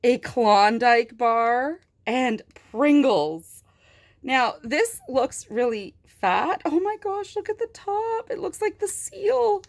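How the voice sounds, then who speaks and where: A young adult woman reviewing toys in an unboxing video, gushing and excitable, gasping with delight. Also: fairly high pitch. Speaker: toy reviewer.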